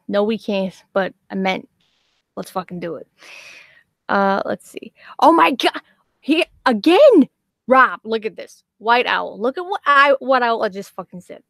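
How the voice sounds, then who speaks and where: A woman's voice: medium pitch, creaky, a bit bright, no echo. A woman with a Boston accent hosting a casual livestream, blunt and swearing freely. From Boston area. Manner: blunt, swears a lot, reads chat aloud. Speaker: horror narrator and livestream host.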